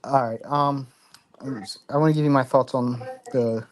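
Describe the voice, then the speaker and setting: A man calling in as a guest, speaking softly and with some hesitation. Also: mid-range voice, fairly even intonation, moderate pace. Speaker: call-in guest. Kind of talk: casual chat.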